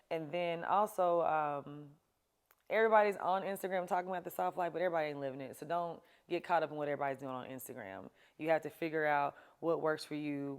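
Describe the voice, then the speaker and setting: Low-voiced, chatty woman host. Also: smooth. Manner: chatty, emphatic, laughs often. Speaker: show host. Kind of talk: casual advice talk to camera.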